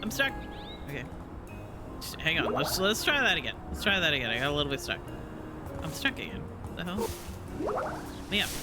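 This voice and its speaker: Speaking fairly quickly in a fairly high, sing-song voice, a man pauses often while casually chatting during a game stream. He rambles and giggles, with plenty of fillers and restarts, over background music.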